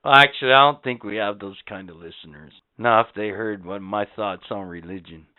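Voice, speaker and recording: A man's voice: on the low side, brisk, clean tone. A man co-hosting a podcast, boisterous and profane, laughing often and ranting in casual banter. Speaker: podcast co-host. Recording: tinny lo-fi recording.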